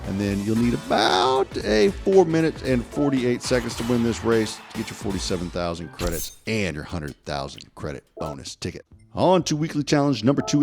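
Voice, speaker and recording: Man, low voice, bouncy up-and-down delivery, chatty gameplay commentary. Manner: chatty, joking, lively. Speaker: gaming video host.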